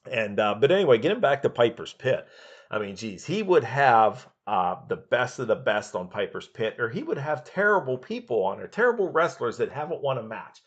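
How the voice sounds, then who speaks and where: A man's voice: medium pitch, sing-song, normal speed, muffled recording. A man hosting a podcast, rambling through his memories in a casual monologue with many fillers. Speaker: podcast host.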